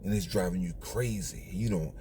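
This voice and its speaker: A man's voice: sits low, moderate pace, dark tone, a little hiss or hum. A man hosting his own channel, lecturing viewers in a preachy, repetitive monologue. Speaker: channel host.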